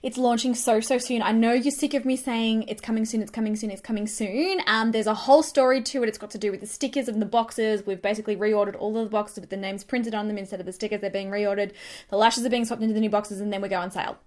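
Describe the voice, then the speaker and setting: A young woman chatting excitedly while doing her makeup, rambling quickly through a story with lots of fillers. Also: medium pitch. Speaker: beauty vlogger. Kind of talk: get-ready-with-me storytelling chat.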